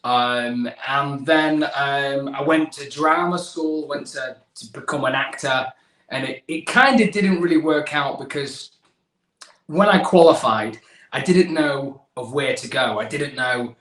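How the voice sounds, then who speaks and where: A man's voice: medium pitch, measured pace, a bit bright, reverberant, low-quality recording. A young English man, a magician guest on a video call, telling his story in a chatty, self-deprecating way with many restarts. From England. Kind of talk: casual video-call interview.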